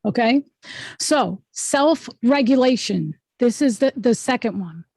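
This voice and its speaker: A woman's voice: on the high side, lively intonation, slow, creaky, a little mellow, breathy edge, no room sound. A woman hosting an online workshop over a video call, teaching in an emphatic, instructive way and often checking in with the group. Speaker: host and speaking coach.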